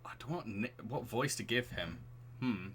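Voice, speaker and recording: A male streamer from England with a bright, clear voice that leaps around a lot in pitch. He chatters and giggles as he reads the game aloud into a streaming mic, with a faint hiss behind him. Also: expressive, moderate pace. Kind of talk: let's play commentary.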